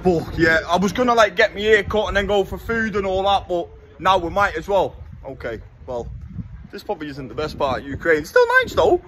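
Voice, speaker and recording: A man's voice: high-pitched, brisk, a bit bright. A man, talking casually and bluntly while vlogging from city streets. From England. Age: 20s. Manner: chatty, blunt and jokey, swearing freely. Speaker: travel vlogger. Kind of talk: casual walking vlog.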